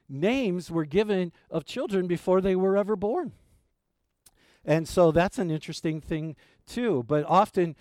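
A man's voice: a little high, a little mellow, no room sound, clean studio sound. A middle-aged male pastor preaching a sermon, telling family stories in a folksy, rambling way with many fillers.

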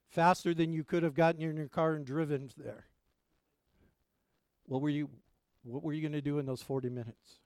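A male pastor delivering a sermon, his voice a touch higher than most men's and notably smooth and resonant. He keeps tossing rhetorical questions to the congregation, rising to loud emphatic lines and then dropping to quiet asides. The sound is dry and close, with little room around it. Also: dry recording.

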